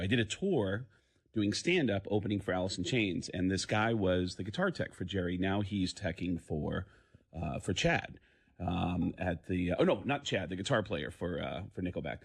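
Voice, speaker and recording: A male comedian, a guest on a radio show, telling animated stories and acting out the quotes in different voices. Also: low-pitched, vocal fry, slightly rough. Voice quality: acts out quotes in many voices.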